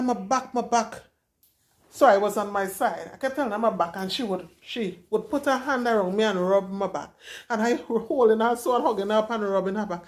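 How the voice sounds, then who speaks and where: A young woman, candidly and dramatically retelling her own story to camera as a vlogger. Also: medium pitch.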